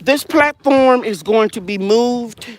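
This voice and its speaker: A woman's voice: on the high side, lively intonation, slow, darkish tone, no room sound. Chatty woman giving a backyard garden tour. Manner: chatty, rambling, corrects herself mid-sentence. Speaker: home gardener and channel host. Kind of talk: casual garden tour vlog.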